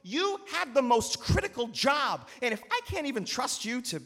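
A man's voice: low voice, very animated, full character voice. A man playing an angry, betrayed landowner. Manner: loud, forceful and measured in anger.

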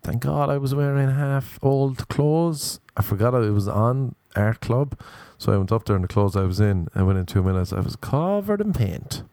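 A man's voice: medium pitch, normal speed, few pauses, mellow, no room sound. A male comedian telling rambling, self-mocking stories in a laid-back, casual monologue.

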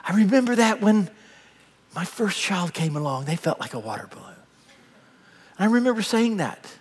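An older man preaching a sermon, telling stories with big swings between loud bursts and hushed asides. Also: high voice, very animated, moderate pace, husky. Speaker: pastor. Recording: long hall reverb.

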